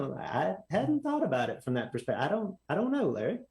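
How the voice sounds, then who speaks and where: A man telling a story as a podcast guest, animated and acting out other people's lines in a raised voice. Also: on the high side, fast, rough recording. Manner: animated, acts out quotes in raised voice. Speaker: guest drag racer. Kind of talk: casual storytelling.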